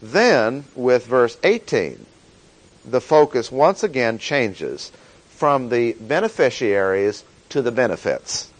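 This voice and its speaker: Slow, deliberate male Bible teacher. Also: mid-range voice, very animated, poor audio. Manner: slow, deliberate, stresses key words. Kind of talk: verse-by-verse Bible lesson.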